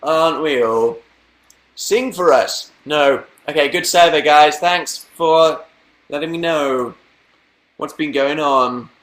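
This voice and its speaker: A man's voice: a little high, slow pace, fairly bright tone. A young British man chatting casually on a live stream, reading out viewer comments with dry, sarcastic asides. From Britain. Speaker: livestream host.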